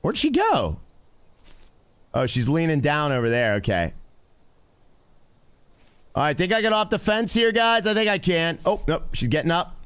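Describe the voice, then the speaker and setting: Male game streamer, upbeat and chatty with viewers, slightly high voice. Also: normal speed, pauses often, smooth. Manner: excitable, talks to chat constantly. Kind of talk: live gameplay commentary.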